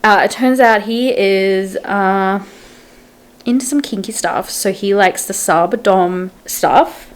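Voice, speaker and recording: A woman's voice: mid-range voice, slow, a little hiss or hum. A young adult woman vlogging casual book-review chat, retelling scenes in quotes and saying "like" often.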